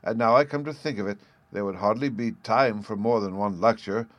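A man's voice: fairly low pitch, a little fast, no echo, close to an everyday voice. A man voicing an imperious, huge noblewoman who speaks harshly and overbearingly. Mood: lofty. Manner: loud and overbearing.

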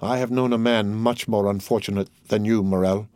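A man's voice: on the low side, steady tone, normal speed, a little mellow, dry recording, close to an everyday voice. Solemn formal count, dry close voice as a guy reads him. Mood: grave. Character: proud grieving male count, solemn.

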